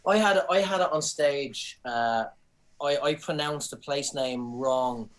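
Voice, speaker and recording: A middle-aged Irish comedian telling stories in casual chat, animated and sweary, restarting his sentences often. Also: fairly high pitch, a little slow, poor audio. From Ireland. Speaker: comedian guest.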